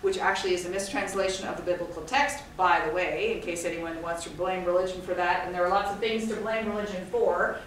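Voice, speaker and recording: A woman's voice: fairly low pitch, steady tone, fast talker, few pauses. Woman talking to a room from far off. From Scotland. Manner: chatty, digressive, self-deprecating. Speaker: guest speaker. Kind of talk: informal talk to an audience. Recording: echoey hall from far off, faint noise.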